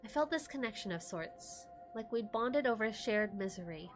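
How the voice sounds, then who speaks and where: A woman's voice: a little high, expressive, normal speed, faint music behind, voice pushed down, lightly acted. Woman voicing a mournful ghost mother. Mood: wistful. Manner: soft, mournful, pleading. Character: grieving ghost mother, fading memories.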